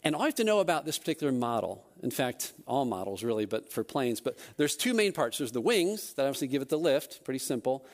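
A man, a church elder, telling a personal story during a service in a self-deprecating, animated way. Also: medium pitch, quick pace, few pauses.

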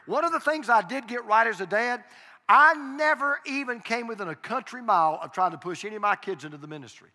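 A man's voice: extremely high pitch, animated, fairly quick, pushed and bright. An older man, a pastor, preaching a sermon in a church with earnest, confessional storytelling and emphatic repetition. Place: church sanctuary. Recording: long hall reverb.

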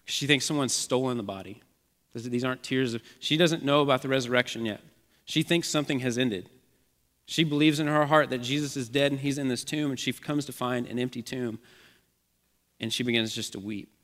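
A man's voice: medium pitch, a little fast, a bit bright. Man preaching in a reverberant church. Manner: earnest, repetitive preaching cadence. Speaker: pastor. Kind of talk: sermon.

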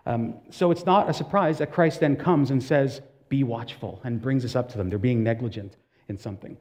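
In a mid-range, darkish voice at normal speed, a male pastor preaches conversationally, questioning the congregation directly and telling stories full of casual asides.

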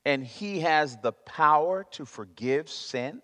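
A man's voice: fairly high pitch, lively intonation, slow pace, fairly bright tone. A man preaching a sermon, emphatic and prone to repeating himself as he searches for words. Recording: long reverb of a large hall.

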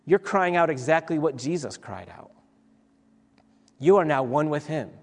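A man's voice: a little high, animated, unhurried. A man preaching a sermon as pastor, earnest and repetitive, building his points with rhetorical questions. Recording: long hall reverb.

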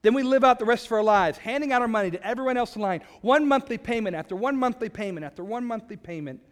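A man preaching a sermon as a pastor, emphatic, with dramatic pauses. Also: very high voice, expressive, in a large hall.

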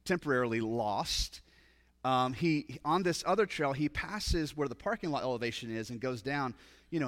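A pastor delivers a sermon, telling a story and slipping into the voices of the people in it before rising to loud, insistent emphasis. His voice is bright and forward, at an ordinary middle pitch. It rings out in a hall with a long, trailing reverb. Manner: storytelling, acts out quoted dialogue, rises to loud emphatic passages.

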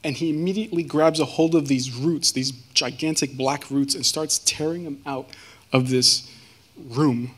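A man's voice: on the high side, steady tone, fairly bright tone. Earnest man sharing a personal testimony. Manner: earnest, halting, with many fillers. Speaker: guest speaker.

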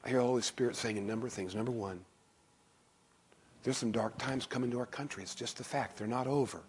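A man preaching a sermon as pastor in a church, in an emphatic, animated way. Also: mid-range voice, fast talker, slightly rough. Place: church stage.

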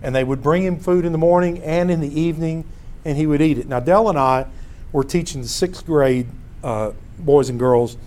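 Animated man teaching Bible class. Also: on the high side, normal speed. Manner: storytelling, animated, self-interrupting. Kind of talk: casual Bible lesson with slides.

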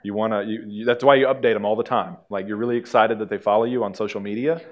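A man's voice: lowish voice, steady tone, fast talker, lo-fi sound. A male pastor preaching a sermon to a congregation in a conversational way, with dry humor.

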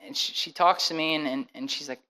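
A young man sharing a personal testimony, storytelling with lively acted-out dialogue and frequent quick restarts. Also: a little high, poor audio. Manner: animated, acts out the dialogue with many quick restarts.

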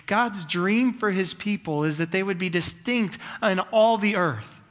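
A man's voice: high-pitched, measured pace, fairly bright tone, big-room sound. A man preaching a sermon, telling a story in long, building runs of clauses with fervent delivery. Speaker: pastor.

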